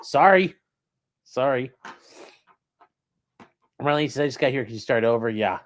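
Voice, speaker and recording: A man's voice: medium pitch, very fast. A young man hosting a casual call-in livestream from a room at home, rambling and joking while reading chat aloud. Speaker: call-in show host.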